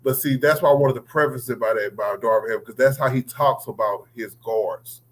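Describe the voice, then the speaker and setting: A man's voice: mid-range voice, brisk, a crowd in the background, low-quality recording. A man hosting a casual sports livestream, talking loosely with slang and calling on guests by name. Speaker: livestream host.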